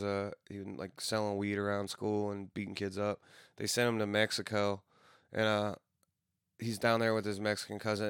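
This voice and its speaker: A man in his thirties talks in a rambling, casual monologue, swearing freely and restarting his sentences. His voice sits a bit low with a gravelly edge over a smooth, clear tone. The recording is dry and close. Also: dry recording. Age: 30s. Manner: loose, profane storytelling with frequent restarts.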